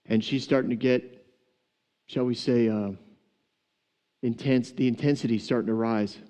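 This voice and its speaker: A man's voice: mid-range voice, steady tone, a little slow, pauses often, dark tone. A pastor preaching a sermon to his church, retelling a parable with humor, laughing often and acting out the characters. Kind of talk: sermon storytelling.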